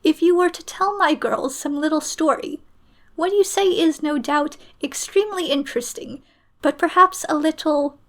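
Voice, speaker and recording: A woman voicing a stern, cold headmistress in a storybook reading, speaking in a cold, even, slow voice. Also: high-pitched. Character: stern middle-aged headmistress, cold and icy.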